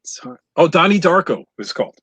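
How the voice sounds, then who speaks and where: A man's voice: on the high side, sing-song, brisk, a bit bright, husky, no echo. A man co-hosting a fan podcast, chatting casually and rambling as he searches for words with lots of ums. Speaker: podcast co-host. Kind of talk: casual chat.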